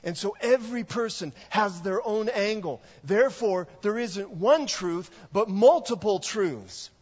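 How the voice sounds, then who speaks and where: A male pastor preaching a sermon, telling a story in a measured way. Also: sits high, lively intonation, slightly rough. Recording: echoey hall, dull lo-fi sound.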